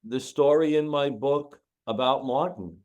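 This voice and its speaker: A man's voice: medium pitch, a little slow, darkish tone, muffled recording. A man who trains dogs, guest on a podcast, talking casually and emotionally, repeating himself for emphasis. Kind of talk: casual interview talk.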